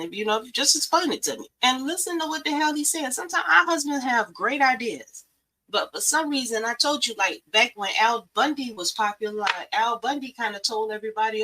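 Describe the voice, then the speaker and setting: A woman's voice: a little high, expressive, fairly quick, bright, forceful tone, a little hiss or hum, rough recording. A middle-aged woman, hosting a talk show and giving blunt, profane, emphatic advice. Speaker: podcast host. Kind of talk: preachy motivational talk.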